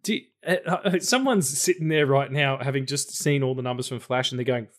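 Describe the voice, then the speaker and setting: Sweary guy guesting on a podcast, blunt, rambly, middle pitch. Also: fairly quick, fairly bright tone. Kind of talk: casual chat.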